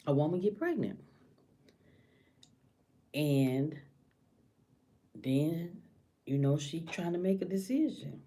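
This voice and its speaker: Woman, vlogger, impassioned, dips into whispers, deep, mellow. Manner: impassioned, slips into hushed whispers acting out a scared woman's thoughts. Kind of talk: casual monologue to camera.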